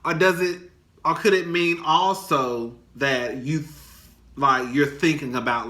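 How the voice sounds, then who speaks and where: Bright-voiced, dramatic chatty man. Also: normal speed. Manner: dramatic and chatty, swinging high and low; profane, calls viewers girl. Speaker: vlogger. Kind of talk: casual gossip vlog. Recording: echoey room.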